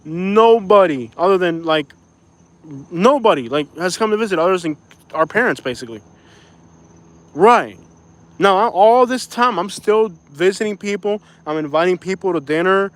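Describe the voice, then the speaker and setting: A man's voice: high-pitched, expressive, normal speed. A young man from Florida venting his frustration on a casual live stream, apologizing for swearing and saying "bro" often. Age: young adult. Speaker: YouTuber reading live chat.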